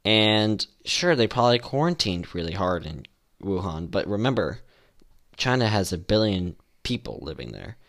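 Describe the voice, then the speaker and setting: Low-voiced man hosting a rambling podcast. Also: big pitch swings, moderate pace, fairly bright tone. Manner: rambling, with many restarts and fillers. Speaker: podcast host. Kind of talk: casual solo podcast commentary.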